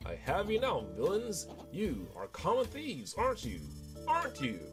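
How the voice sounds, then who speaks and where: A man's voice: high-pitched, wildly swooping pitch, a little slow, music in the background, voice pushed up, exaggerated voice. A man doing a pompous henchman. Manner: pompous and theatrical. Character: pompous villain henchman, theatrical, suspicious.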